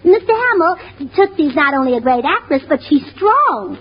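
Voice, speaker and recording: A woman's voice: high voice, big pitch swings, normal speed. A woman playing a scatterbrained young wife in 1940s radio comedy, gushing with breathless, illogical chatter. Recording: dull old radio broadcast, audience, hiss.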